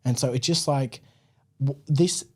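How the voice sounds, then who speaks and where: An Australian man telling his story as a podcast guest, chatty and relaxed, with plenty of "like" and "man" in his talk. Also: mid-range voice, unhurried. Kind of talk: casual interview storytelling.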